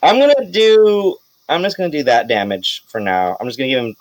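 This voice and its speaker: A man's voice: a little high, very animated, a little fast, poor audio. A man narrating as game master in a live tabletop game, casual and hesitant, with lots of fillers and restarts.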